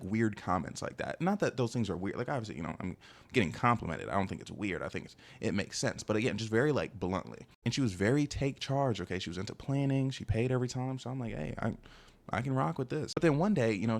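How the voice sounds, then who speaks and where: A man's voice: on the low side, vocal fry. A young man casually telling a dating story in a rambling, slangy way, full of fillers.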